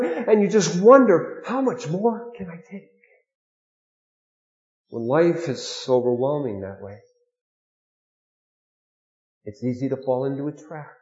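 Earnest preacher with a higher voice, echoey. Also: male voice, highs cut off. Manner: earnest, with sudden swings between hushed and emphatic. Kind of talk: sermon.

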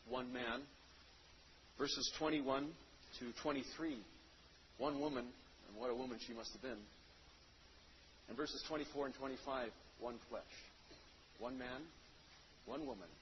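A man preaching a sermon, reading scripture and then explaining it, with loud stressed phrases that drop to quiet endings. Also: mid-range voice, a little hiss or hum. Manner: emphatic, swings between loud stresses and quiet trailing phrases. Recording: dull lo-fi sound.

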